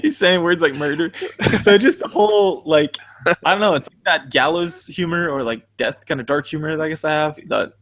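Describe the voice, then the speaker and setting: A man's voice: fairly high pitch, a little fast, a bit bright, no echo. A man co-hosting a podcast in casual chat, telling stories with lots of laughter and acting out his own reactions. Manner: laughs often mid-sentence. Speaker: podcast co-host.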